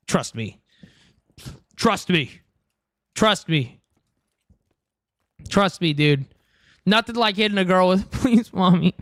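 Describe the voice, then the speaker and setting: A man's voice: high voice, a bit bright, dry recording. A young man streaming a game from home, chatting crudely and joking, saying dude a lot, close on a headset mic. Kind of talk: casual livestream chat while gaming. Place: home room.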